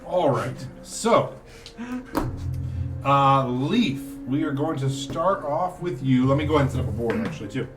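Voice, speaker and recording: A man running a tabletop game as game master, narrating with many pauses and fillers. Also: mid-range voice, lively intonation, far from the mic, over music. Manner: halting, full of uh and um.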